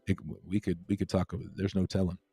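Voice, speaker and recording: Laid-back low-voiced man hosting. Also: little pitch movement, brisk, warm tone, husky. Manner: laid-back, repeats himself, reads chat aloud. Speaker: crypto livestream host. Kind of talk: casual livestream chat with viewers.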